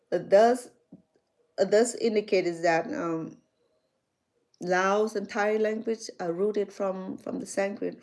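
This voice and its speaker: A middle-aged woman from Cambodia with a Cambodian accent, chatting casually to her viewers and acting out conversations as she tells stories. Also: mid-range voice. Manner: animated storytelling, acts out dialogue, frequent restarts. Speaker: chef and vlogger.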